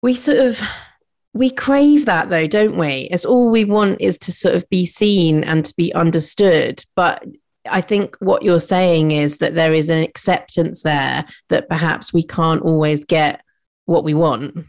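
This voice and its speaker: Low gravelly woman hosting a podcast. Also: measured pace, no echo, clean studio sound. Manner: warmly affirming, sums up the guest's points. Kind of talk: reflective podcast conversation.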